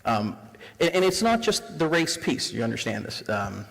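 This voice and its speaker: A man's voice: medium pitch, sing-song, moderate pace, gravelly, fairly bright tone. A Canadian man in his forties giving a live diversity workshop, engaging the audience with rhetorical questions. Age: 40s. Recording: reverberant room sound.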